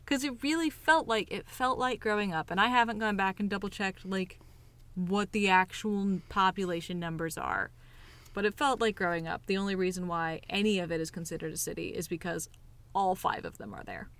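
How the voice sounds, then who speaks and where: A woman's voice: mid-range voice, a little fast, a bit bright, dry recording. A woman co-hosting a podcast, chatting casually in a hesitant, self-deprecating, wry way. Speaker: podcast co-host. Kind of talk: casual chat.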